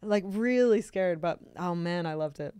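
Eager woman co-host, dry and clear. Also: fairly low pitch, moderate pace, warm tone, no room sound. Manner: eager, enthusiastic, laughs easily. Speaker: podcast co-host. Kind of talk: casual chat.

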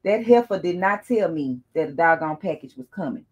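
A woman chatting casually to her viewers as she unboxes gifts, calling them y'all and breaking into excited exclamations. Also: on the low side, fairly quick, slightly rough, highs cut off.

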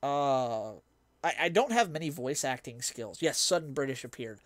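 Speaking at a moderate pace in a medium-pitched, expressive voice, a young man chats casually with his stream while playing a game and reading messages. He rambles, jokes at his own expense and laughs often, and there's no room sound.

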